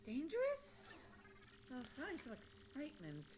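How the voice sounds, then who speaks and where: A woman's voice: high-pitched, huge pitch swings, normal speed, background noise. A woman reading the lines of a curious young princess in a chatty, lightly teasing way.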